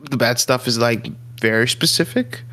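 A man's voice: mid-range voice, normal speed, sharp tone. A man co-hosting a podcast, chatting casually in a laid-back way, laughing easily. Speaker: podcast co-host. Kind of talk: casual chat.

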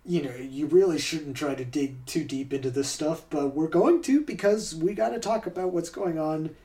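A man's voice: on the high side, moderate pace, dark tone, distant mic. A man hosting a podcast in casual chat, laughing often and talking with many fillers and restarts. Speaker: podcast host.

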